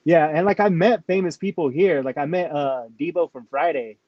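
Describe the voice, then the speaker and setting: A man's voice: a little high, moderate pace, no room sound, highs cut off. Man rambling with "like" constantly. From New Mexico. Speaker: interviewed rapper. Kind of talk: casual interview storytelling.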